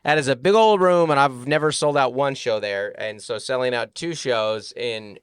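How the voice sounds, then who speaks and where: A middle-aged man co-hosting a podcast, joking and bantering in a lively, quick way. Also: medium pitch, clean tone, no room sound, clean studio sound. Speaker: podcast co-host and comedian. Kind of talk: casual chat.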